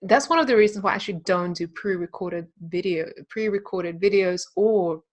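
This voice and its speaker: Brief: mid-pitched woman host, conversational and encouraging. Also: normal speed. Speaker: podcast host. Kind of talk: casual interview chat.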